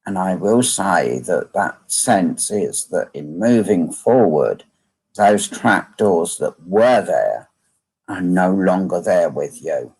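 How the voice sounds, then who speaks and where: A man gives a live medium reading in a slow, unhurried voice. His tone is gravelly and husky, and he keeps asking the listener whether they understand. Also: low-pitched, lively intonation, darkish tone. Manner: slow, repetitive phrasing, asking "can you understand this?".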